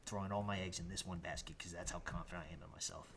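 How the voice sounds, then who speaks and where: Deep-voiced man telling wrestling stories. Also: rapid-fire, vocal fry, a little hiss or hum. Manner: animated storyteller, laughs often. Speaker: professional wrestler guest. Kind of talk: casual storytelling interview.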